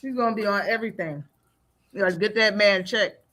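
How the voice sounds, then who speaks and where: A woman hosting a casual live talk stream, blunt and animated, laughing often. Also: mid-range voice, fairly quick. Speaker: stream host. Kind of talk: casual chat.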